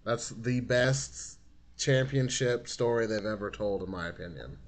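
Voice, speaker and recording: A man's voice: medium pitch, a little slow. A man hosting a podcast interview, chatting casually and asking questions with enthusiasm. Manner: enthusiastic, laughs often. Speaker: podcast host.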